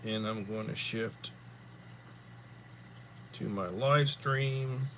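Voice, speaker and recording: A tired, yawning man hosting a casual livestream chat, rambling and unhurried, often repeating words. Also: lowish voice, a bit bright, slight background noise. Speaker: livestream host.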